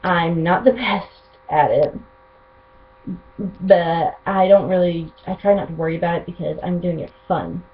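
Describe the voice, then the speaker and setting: A young woman, chatting to camera in a rambling, eager way as a vlogger. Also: on the low side. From North Carolina, USA. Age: 20s. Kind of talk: casual chat to camera. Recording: tinny phone-like lo-fi audio.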